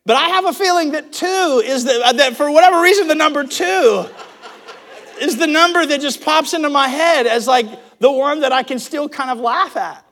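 A male pastor preaching a sermon in an animated, storytelling way, often laughing and restarting his sentences. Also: extremely high pitch, moderate pace.

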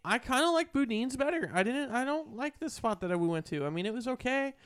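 A man's voice: very high voice, animated, fast, fairly bright tone, clean tone, dry recording, studio quality. A young man chatting casually, brash and teasing, with crude jokes. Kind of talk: casual chat.

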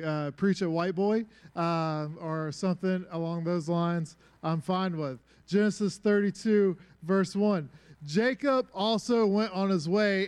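A young man preaching a casual sermon, relaxed and conversational, with many filler words and joking asides. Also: high-pitched, clean tone.

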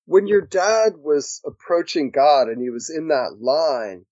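A man hosting a podcast, asking slow, curious questions of his guest. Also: fairly high pitch, animated, darkish tone, no room sound. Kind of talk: interview questions. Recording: dry, dull lo-fi audio.

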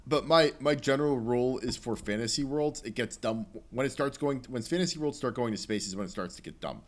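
A man's voice: mid-range voice, a little fast. A man co-hosting a casual games podcast, thinking aloud in a wry, hedging way. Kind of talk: casual chat about video games.

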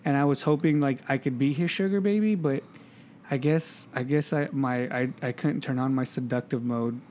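Brief: male podcast co-host, mid-pitched, crude, laughing storyteller. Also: normal speed, a little mellow, slight background noise. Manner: swears freely, laughs while telling stories. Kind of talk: casual chat.

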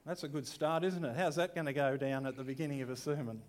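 A man's voice: mid-range voice, fast. A man, a pastor giving a sermon in a conversational way with rhetorical questions.

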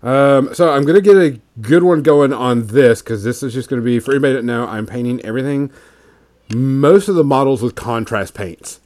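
A man's voice: medium pitch, brisk. Rambling man painting on a stream. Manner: relaxed, rambling, many fillers. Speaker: podcast host painting miniatures. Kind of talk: casual livestream chat.

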